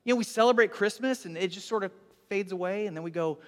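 A man's voice: high voice, fast talker, big-room sound. A male pastor preaching a sermon, telling stories animatedly, acting out voices and dropping to a whisper for emphasis.

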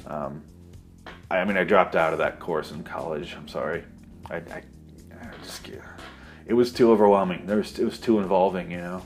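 A man with a very low voice rambles through a movie recap, full of sarcasm and swearing. He drifts into asides and mock voices as he goes. Faint music plays quietly underneath. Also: fairly even intonation, moderate pace, pauses often. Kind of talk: comedic movie recap monologue.

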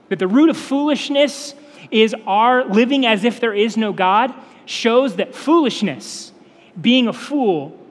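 A man's voice: sits high, fairly bright tone. Man, young adult, pastor, earnest sermon, long reverb tail. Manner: earnest, emphatic preaching with repetition.

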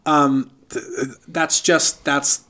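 A man's voice: fairly high pitch, little pitch movement, drawn-out words, pushed and bright. A man hosting a casual movie review podcast, talking enthusiastically and often repeating and restarting his words. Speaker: podcast host.

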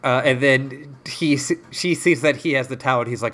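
A man's voice: mid-range voice, moderate pace. A man co-hosting a podcast, chatting about a TV episode and mimicking the characters. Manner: relaxed, mimics characters in quoted asides. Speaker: podcast co-host. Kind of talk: casual chat recapping an episode.

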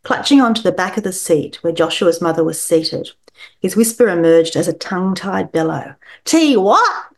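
A woman's voice: on the low side, moderate pace. A woman novelist, reading her own prose expressively and then chatting as a guest. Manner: expressive reader, chatty with restarts. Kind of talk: reading aloud and interview chat.

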